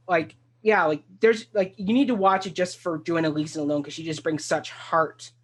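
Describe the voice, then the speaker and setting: A talk show host in a casual discussion of a stage musical, talking enthusiastically and rambling with many restarts. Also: mid-range voice.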